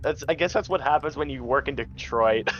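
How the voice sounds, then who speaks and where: A man playing a co-op game with friends, chatting in a relaxed, joking way. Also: fairly high pitch, brisk, muffled recording, faint music behind. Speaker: co-player. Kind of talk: casual co-op game chat.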